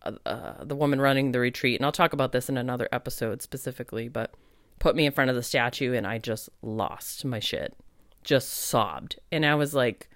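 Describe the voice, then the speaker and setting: A woman with a very deep voice talks a little fast on her casual solo podcast, recorded dry with studio quality. She works as a spiritual medium and speaks candidly and chattily, full of "like," laughter and the occasional swear.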